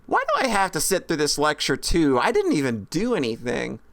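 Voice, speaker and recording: A woman's voice: low-pitched, wildly swooping pitch, fairly quick, background noise, voice pushed down, exaggerated voice. A woman voicing a hotheaded, defiant teenage girl in a game. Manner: defiant, blunt. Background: game music.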